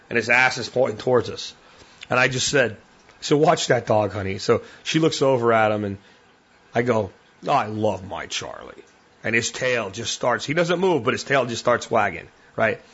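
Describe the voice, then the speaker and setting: Blunt, husky-voiced male podcast host. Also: medium pitch, lo-fi sound. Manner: blunt, plainspoken, repeats key points. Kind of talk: solo podcast talk.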